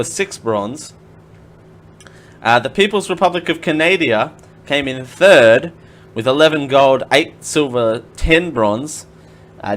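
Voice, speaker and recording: An Australian man with a fairly high, slightly bright voice hosts a solo live podcast from a home room with the window closed. He rambles and jokes, correcting himself as he reads out lists, while faint noise from outside work sits in the background.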